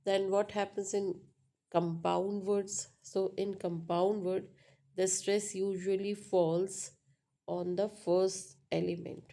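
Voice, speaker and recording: An English teacher explains pronunciation in a slow, classroom-style way, her mid-range voice flat and dark in tone. She is patient, repeating points and checking in often with "right?" and "uh."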